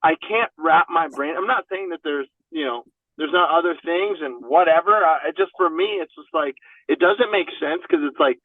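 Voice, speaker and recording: A man's voice: on the high side, normal speed, dry recording. A man speaking as a podcast guest in a casual, candid chat, swearing often and leaning on fillers like "you know what I mean". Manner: profane, filler-heavy, 'you know what I mean'. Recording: dry, phone-like narrow sound.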